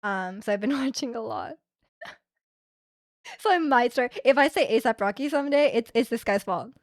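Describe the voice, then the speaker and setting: A woman's voice: a little high, no room sound, studio quality. A young woman from Canada, a streamer chatting casually and reading her chat aloud, with many fillers.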